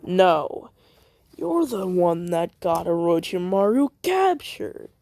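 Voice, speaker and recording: A fan storyteller voicing a suspicious, hostile young male ninja, sharp and accusing. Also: mid-range voice, sing-song, takes it slowly.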